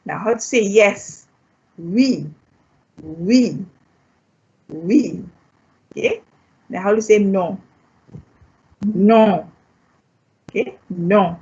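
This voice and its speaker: A Malaysian-accented woman runs a live online French class, saying each word again and again and checking in with "okay?". Her voice is husky and sits at a middling pitch. The sound is dull and lo-fi, typical of stream audio. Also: steady tone, takes it slowly, pauses often, a little mellow. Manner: drills words by repeating them, checks in with "okay?"; switches into Malay phrases now and then. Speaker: French language teacher. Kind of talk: live online language lesson.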